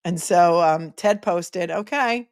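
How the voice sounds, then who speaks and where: A woman's voice: lowish voice, slow, clear, resonant tone, dry recording, studio quality. Snarky chatty woman livestream host. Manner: snarky, chatty, frequent hesitations. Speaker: livestream host reading viewer comments. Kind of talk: casual live-stream commentary.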